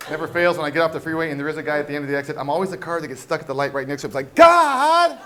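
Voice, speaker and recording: A man doing a stand-up comedy set on a club stage, talking animatedly and jumping into loud character voices. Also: fairly high pitch, level tone, rapid-fire. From Washington State, US. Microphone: handheld stage mic.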